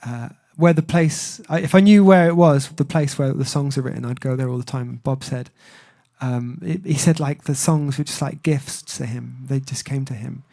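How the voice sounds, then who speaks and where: A man's voice: mid-range voice, steady tone, moderate pace, gravelly, warm tone. A man chatting casually on his music livestream, rambling and self-deprecating, with lots of fillers. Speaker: singer-songwriter streamer.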